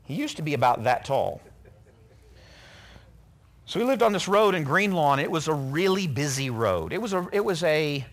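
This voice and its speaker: A man's voice: fairly high pitch, moderate pace, pauses often. A middle-aged man preaching a sermon, telling personal stories in an earnest way and acting out what people said. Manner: earnest, animated storyteller who acts out quotes.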